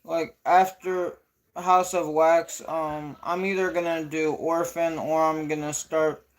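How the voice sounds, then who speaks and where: With a flat, slow delivery at medium pitch, a young adult streams live in a casual chat. The talk wanders, with frequent self-corrections and plenty of profanity.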